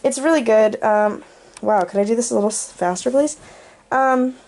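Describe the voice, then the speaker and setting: For her channel, a young woman shows off her bedroom in a playful, goofy room tour full of joking asides, sounding out of breath. She's a vlogger with a darkish voice on the high side, talking at an ordinary pace.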